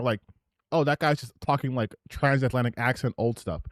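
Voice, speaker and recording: A man's voice: medium pitch, brisk, no echo, studio quality. A man hosting a live stream, reacting to clips in rambling commentary full of restarts. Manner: animated and rambling, with many restarts. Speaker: streamer host.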